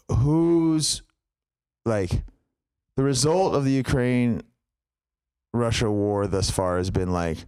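A man's voice: medium pitch, darkish tone, smooth, no room sound, studio quality. A man co-hosting a podcast, talking in a loose, rambling way full of fillers and tangents. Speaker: podcast co-host. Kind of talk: casual chat.

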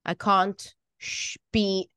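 A woman's voice: medium pitch, little pitch movement, very slow, pushed and bright, clean tone, no echo, studio quality. A woman in her thirties, a mother, co-hosting a podcast and talking earnestly and openly in casual chat. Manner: earnest, confiding, frequent agreeing. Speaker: podcast co-host.

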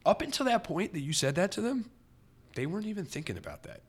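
A man hosting a podcast in casual chat, talking in animated, rambling, emphatic runs. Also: high voice, quick pace, slightly rough. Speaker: podcast host.

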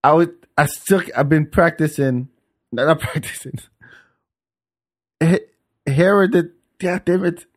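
Fairly high-voiced man, laughing at himself. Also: slow, pauses often. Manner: stumbling over words, self-mocking, laughs a lot. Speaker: podcast host. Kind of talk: casual joking chat.

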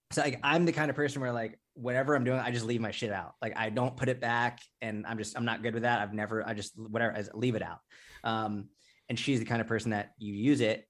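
A man's voice: lowish voice, a bit bright. Candid, swearing man. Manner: candid, swears freely, rambling. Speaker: fitness content creator, guest. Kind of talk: casual interview talk.

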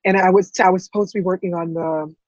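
A woman, an interview guest, tells an emotional personal story in a halting way, full of restarts and repeated words. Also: lowish voice, fairly even intonation, a little mellow, dry recording, muffled recording.

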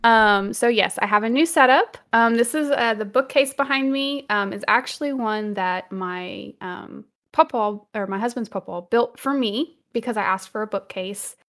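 A young woman with a Louisiana accent, chatting casually over a video call as a streamer, laughing often and getting animated when she gets passionate. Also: on the high side, normal speed, few pauses. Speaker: streamer and guest. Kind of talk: casual chat. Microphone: desk mic with earbuds, video call.

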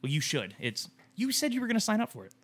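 A man's voice: high-pitched, huge pitch swings, quick pace, a bit bright, breathy edge. A man in his thirties co-hosting a casual chat, telling an emotional story in a rambling way with many restarts and some swearing. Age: 30s. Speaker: podcast co-host.

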